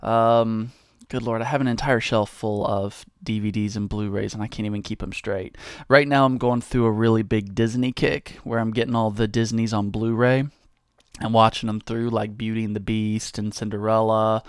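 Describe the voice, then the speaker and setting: A man's voice: fairly low pitch, level tone, normal speed, clean tone, dry recording, clean studio sound. A man answering viewer questions in a casual, rambling, self-mocking way. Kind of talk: casual Q&A monologue.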